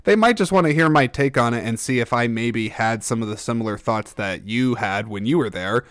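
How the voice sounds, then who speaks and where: A man's voice: medium pitch, a little fast, fairly bright tone, clean tone, no echo. Man, podcast host, rambling, self-deprecating, stumbles over words, dry close mic. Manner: rambling, self-deprecating, frequent stammered restarts. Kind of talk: casual solo podcast monologue.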